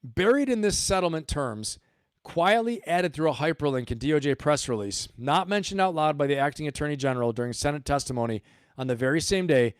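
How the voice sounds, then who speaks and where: A man's voice: fairly high pitch, expressive, fairly quick, clean tone, dry recording, studio quality. A man hosting a livestream, giving emphatic commentary and repeating his points for stress. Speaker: host.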